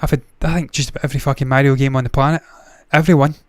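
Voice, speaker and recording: A man's voice: medium pitch, fairly even intonation, rapid-fire, a little mellow, no echo, clean studio sound. A man hosting a movie news show, talking casually with blunt, profane opinions and frequent tangents. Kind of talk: casual solo commentary.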